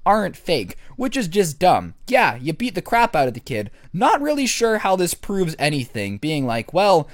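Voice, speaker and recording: A young man telling a comic story to camera, sarcastic, with crude deadpan asides. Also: sits high, moderate pace, few pauses, no room sound, studio quality. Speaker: vlogger.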